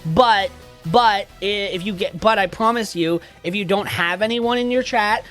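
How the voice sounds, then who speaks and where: Livestreamer who talks casually with viewers, swears freely and rants for comic effect, with a mid pitch. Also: normal speed, faint music behind. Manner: animated, profane, joking mock rants. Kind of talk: casual live-stream chat.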